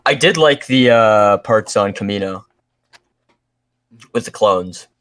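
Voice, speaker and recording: A man chatting casually on a podcast, with dry, deadpan sarcasm. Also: on the low side, slow, dry recording. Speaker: podcast guest. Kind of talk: casual chat.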